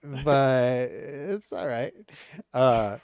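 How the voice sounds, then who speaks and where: A man's voice: mid-range voice, drawn-out words. A man, a comedian chatting as a podcast guest and acting out quoted exchanges as he tells stories. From Maine, USA. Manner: animated storytelling, acts out quoted exchanges. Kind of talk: casual chat.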